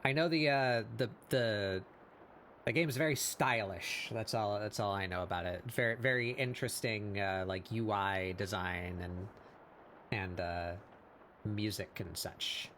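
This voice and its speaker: Slow-talking hoarse male art streamer. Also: lowish voice, fairly bright tone, slight background noise. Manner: rambling and self-deprecating, with frequent fillers and laughs. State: hoarse, losing his voice after hours of talking. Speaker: streamer hosting a weekly art show. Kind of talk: casual live-stream chat while drawing.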